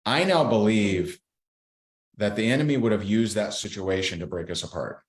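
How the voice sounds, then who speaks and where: Low-voiced man in a roomy echo. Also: normal speed. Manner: earnest, storytelling, warns bluntly. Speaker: podcast guest. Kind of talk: candid faith testimony.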